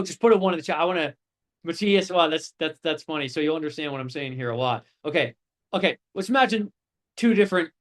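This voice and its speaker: Young male instructor, high pitch, casual and profane, brisk storytelling energy. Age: 20s. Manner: casual, swearing, animated storytelling. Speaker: course instructor. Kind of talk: live online class talk.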